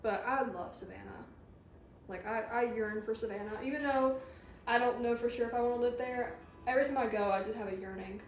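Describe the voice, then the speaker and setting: A woman's voice: a little high, brisk, a little hiss or hum. Chatty Southern woman, echoey room. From Georgia, USA. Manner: rambling, chatty, reads and answers chat. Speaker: streamer. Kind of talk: casual chat while crocheting on a livestream.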